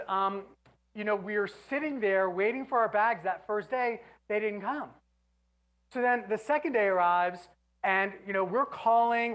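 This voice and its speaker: Animated woman telling a story on stage. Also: medium pitch, low-quality recording. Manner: animated, exasperated storytelling with bursts of shouting. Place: stage before an audience.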